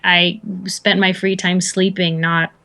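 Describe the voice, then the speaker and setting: A woman's voice: fairly low pitch, flat delivery, takes it slowly, pushed and bright. Woman voice actor chatting on a podcast, rambles, lots of ums and restarts. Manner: rambling, self-deprecating, many restarts and fillers. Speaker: voice actor guest. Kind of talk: casual interview chat.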